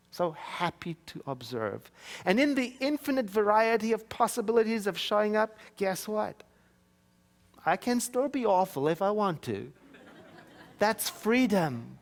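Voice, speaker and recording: Man, minister, sermon, church, storytelling, wry humor, slightly high-pitched.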